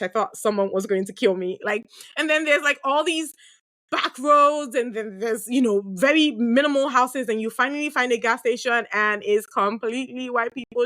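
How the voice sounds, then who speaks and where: A woman in her thirties talks openly on her own podcast. She has a fairly high voice, and she rambles through her stories with frequent laughter. The sound is close and dry, with no room ring. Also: normal speed, no room sound. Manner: lively, chatty, laughs often, many fillers. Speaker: podcast host answering listener questions. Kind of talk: candid conversational storytelling.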